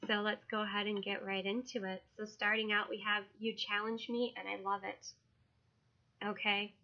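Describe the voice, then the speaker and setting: A woman who reads tarot and is launching her own card deck, talking casually, emotionally and haltingly, with many fillers. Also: mid-range voice, level tone, bright, forceful tone, muffled recording. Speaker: tarot reader and deck creator. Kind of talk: casual video walkthrough.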